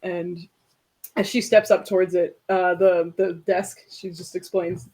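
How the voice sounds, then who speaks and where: Woman game master for a tabletop game, husky, rambling with fillers. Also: lowish voice, little pitch movement, measured pace, mellow. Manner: rambling with many fillers, laughs easily.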